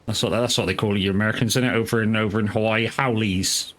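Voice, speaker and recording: A man's voice: lowish voice, fairly even intonation, fast, a bit bright. A man chatting casually while streaming a farming game, greeting viewers and swearing freely as he rambles between tasks. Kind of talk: casual live gameplay commentary.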